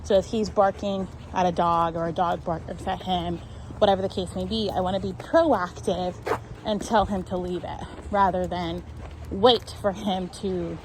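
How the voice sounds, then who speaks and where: A woman's voice: fairly low pitch, steady tone, unhurried, noisy background. Explanatory woman dog trainer outdoors. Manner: explanatory, keeps checking in with "right?". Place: outdoors on a neighborhood street.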